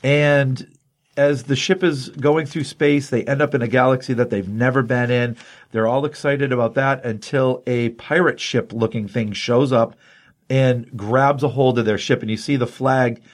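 Man, podcast host, casual chat, animated storytelling, mid-pitched voice. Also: moderate pace. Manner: animated storytelling, retelling plot. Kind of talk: casual comic book review chat.

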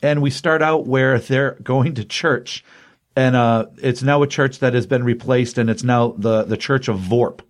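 A man's voice: medium pitch, unhurried. A man casually recapping a comic book issue, chatty and rambling, often acting out the characters' lines. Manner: chatty, rambling, acts out quotes.

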